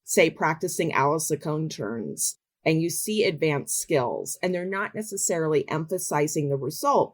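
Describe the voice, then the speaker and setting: A middle-aged woman, a dance adjudicator and studio owner, giving measured advice as a podcast guest. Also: low-pitched. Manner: measured, advisory.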